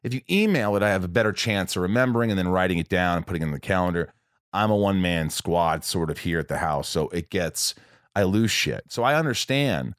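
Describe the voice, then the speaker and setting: A man's voice: low-pitched, expressive, fairly quick, no room sound, studio quality. A man hosting a podcast from home in casual chat, rambling along with frequent restarts and self-corrections. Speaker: podcast host.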